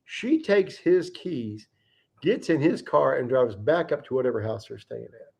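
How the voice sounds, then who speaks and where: A man hosting a livestream, telling a fishing story in a casual, animated and profane way. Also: mid-range voice, measured pace, creaky, breathy edge. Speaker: livestream host.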